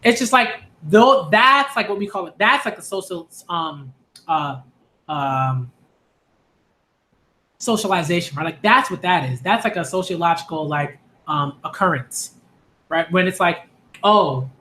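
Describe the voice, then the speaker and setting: A young man from Hollis, Queens, New York, hosts an anime and manga video, talking casually to camera in a rambling way full of "like," "um" and restarts. His voice is high-pitched, unhurried and sharp, with slight background noise.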